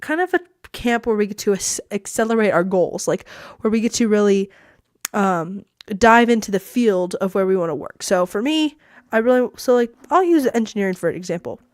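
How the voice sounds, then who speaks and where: A woman's voice: medium pitch, animated, a little fast, a little mellow, no room sound, clean studio sound. A teenage girl hosting a podcast, telling a story in a bubbly, chatty way and saying "like" a lot. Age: teens. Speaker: podcast host. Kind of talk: casual storytelling. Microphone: podcast mic that cuts out.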